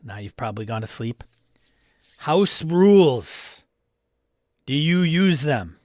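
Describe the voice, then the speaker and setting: A man's voice: medium pitch, expressive, fairly quick, no room sound, clean studio sound. A man hosting a casual live-stream chat about tabletop games, greeting viewers by name, reading chat aloud and adding snarky asides. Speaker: livestream host.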